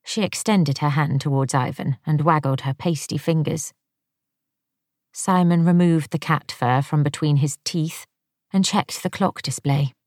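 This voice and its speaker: A woman narrating an audiobook in a measured, wry storytelling manner. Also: low voice, a little mellow, no echo, studio quality.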